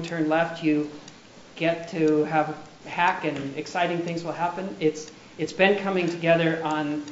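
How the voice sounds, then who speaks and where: Man, lecture host, hesitant with fillers, fairly high voice, echoey room, dull recording. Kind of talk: speaker introduction. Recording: echoey muffled room with faint noise.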